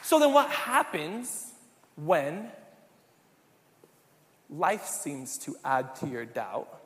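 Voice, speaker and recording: A man's voice: on the high side, wildly swooping pitch, very slow, a bit bright, in a large hall, a faint crowd, slight background noise. A man pastor preaching a sermon in a conversational way, often asking the congregation questions.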